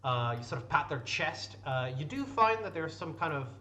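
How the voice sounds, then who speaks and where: A man's voice: on the high side, big pitch swings, moderate pace, pushed and bright. A man narrating a tabletop game as game master, describing scenes with frequent restarts.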